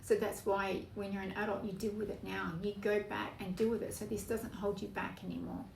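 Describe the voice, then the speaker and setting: A woman giving a spoken tarot reading in an earnest, emotional way, with slow emphatic phrasing. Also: medium pitch, little pitch movement, vocal fry. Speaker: tarot reader. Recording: echoey room, voice from off-mic, background noise.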